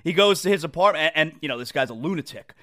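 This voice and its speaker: A man hosting a sports talk show, rambling in an animated, casual monologue and often repeating himself. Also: a little high, fast, noisy background.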